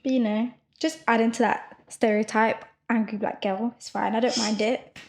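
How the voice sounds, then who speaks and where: A young woman co-hosting a podcast, talking loudly and quickly in a rambling casual chat full of fillers. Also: on the high side, fairly even intonation. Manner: loud, fast rambling with many fillers. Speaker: podcast co-host.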